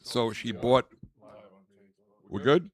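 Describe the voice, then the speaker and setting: A man's voice: medium pitch, lively intonation, takes it slowly, no echo. A man hosting a podcast, telling rambling stories in casual chat. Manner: rambling storyteller, name-dropping, acts out quotes. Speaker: podcast host.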